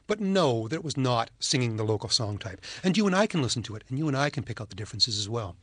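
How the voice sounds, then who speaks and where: A man's voice: mid-range voice, sing-song, fast, husky, dry recording. A man with a Canadian accent, an ornithologist telling stories with enthusiasm in an interview. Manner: enthusiastic, storytelling. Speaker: ornithologist guest. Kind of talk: casual interview talk.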